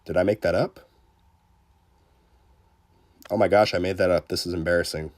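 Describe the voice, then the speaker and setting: A man with a somewhat low voice gives casual live commentary while streaming a game. He chats loosely, with plenty of fillers, greets his viewers and jokes at his own expense. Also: normal speed. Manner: chatty, many fillers, greets chat viewers; self-deprecating and excitable. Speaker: livestreamer.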